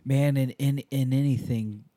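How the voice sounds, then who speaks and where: A man's voice: mid-range voice, unhurried. A young man hosting a podcast in casual, profane and joking chat. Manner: profane, animated, joking, blunt. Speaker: podcast host.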